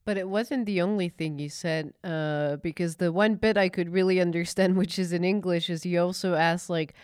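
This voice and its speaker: Woman host, low and smooth voice, measured questions. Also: steady tone, a little mellow, dry recording, clean studio sound. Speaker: podcast host. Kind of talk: podcast interview.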